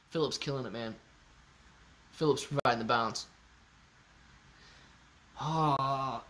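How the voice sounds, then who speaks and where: A man's voice: medium pitch, slow pace, pauses often, pushed and bright. Chatty man hosting a livestream. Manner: joking, loose, talks to chat by name. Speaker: livestream host. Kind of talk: casual livestream chat reading comments. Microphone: phone used as webcam.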